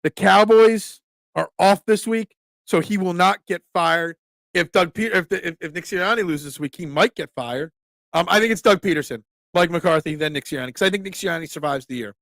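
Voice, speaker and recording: Gravelly Delco-accented man chatting sports. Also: high-pitched, fairly quick, a bit bright, no room sound. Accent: Delco (Philadelphia area). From Delaware County, Pennsylvania. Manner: blunt, rambling, reads chat comments. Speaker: host, pizza shop owner. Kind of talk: casual live-stream sports chat.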